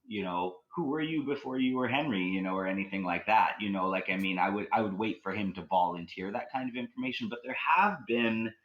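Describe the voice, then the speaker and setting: A man's voice: on the low side, a little fast, few pauses, highs cut off. A man from Canada, a guest on a podcast, telling a story casually and rambling with lots of fillers. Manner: rambling, with many "like" and "you know" fillers.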